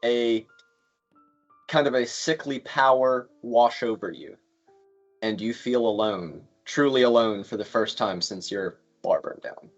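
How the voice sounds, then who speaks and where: A man's voice: mid-range voice, measured pace, lo-fi sound, soft background music. A man narrating as game master, casual and full of fillers.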